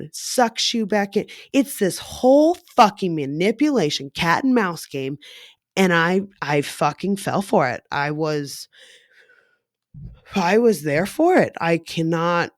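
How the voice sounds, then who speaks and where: A woman in her thirties tells her own story in a frank, profane way, leaning on "like" and "you know". Her delivery is slow and unhurried. The sound is dry and close, with no room echo. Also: fairly low pitch. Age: 30s. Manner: frank and profane, filler-heavy with lots of "like". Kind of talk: candid personal story.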